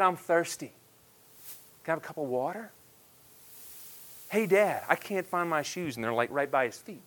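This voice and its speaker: A man in his thirties delivers a sermon in a noticeably high voice. He builds to loud, ringing declarations, then drops to quiet, hushed asides. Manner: emphatic preaching that swings between loud declarations and hushed asides. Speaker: pastor.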